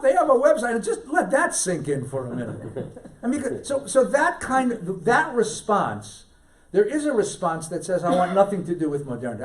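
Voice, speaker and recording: A middle-aged man, a rabbi, giving a lively lecture full of anecdotes and jokey asides, and repeating his key lines for emphasis. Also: high voice, far from the mic. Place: synagogue hall.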